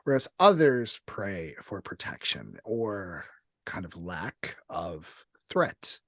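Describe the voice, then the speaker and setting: A man narrating a tabletop role-playing game as game master, describing scenes with lively fillers. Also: low-pitched, takes it slowly, no room sound, studio quality.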